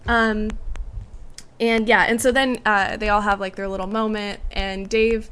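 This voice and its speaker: A woman's voice: mid-range voice, level tone, unhurried, a bit bright, clear, resonant tone. A woman co-hosting a podcast, chatting casually and laughing often as she recaps a sitcom episode. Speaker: podcast co-host.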